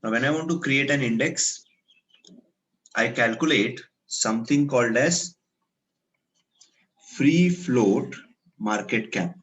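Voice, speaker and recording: A man's voice: mid-range voice, slow pace, pauses often, a bit bright, muffled recording. A man with an Indian English accent giving a classroom lecture, questioning students and explaining step by step while slipping into Hindi.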